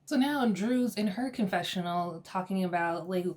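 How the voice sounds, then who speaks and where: A woman giving a casual, gossipy recap of a reality TV episode, chatty and quick to laugh. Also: mid-range voice, a little mellow.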